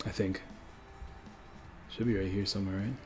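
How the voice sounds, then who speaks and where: Low-voiced young man chatting on stream. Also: level tone, moderate pace. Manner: rambling, self-correcting, chats with viewers. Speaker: livestream host. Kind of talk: casual livestream chat. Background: faint background music.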